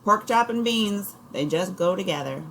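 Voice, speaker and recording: A woman's voice: medium pitch, animated, moderate pace, fairly bright tone, slight background noise, pitched above the performer's own voice, rough recording. A woman voicing a sickly, stubborn boy of about ten who whines. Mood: whiny. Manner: whining.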